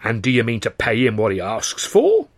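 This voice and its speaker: A man voicing an old woman street crone who speaks slowly and insinuatingly in a high voice, in a storybook reading. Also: wildly swooping pitch. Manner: slow, insinuating, high-pitched. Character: old female street crone selling heather.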